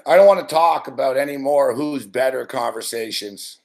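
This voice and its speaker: A man with a mid-range, gravelly and slightly mellow voice talks at a normal speed. He hosts a late-night sports talk stream, ranting in a rambling, profane way and reading chat messages aloud between bouts of laughter.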